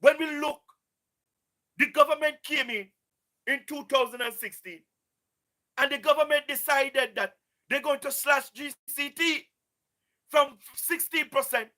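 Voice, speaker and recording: High bright voice with a Jamaican accent. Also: unhurried, pauses often. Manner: repetitive, keeps asking "you understand what I mean"; exhorting, preachy. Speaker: live-stream host. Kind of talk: impassioned live-stream address.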